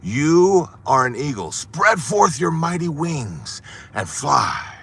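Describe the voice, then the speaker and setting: A man voicing a male naturalist in a told parable, who shouts in disbelief and then solemnly commands a bird to fly. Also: on the high side, big pitch swings, takes it slowly, gravelly, breathy edge, voice pushed up, full character voice.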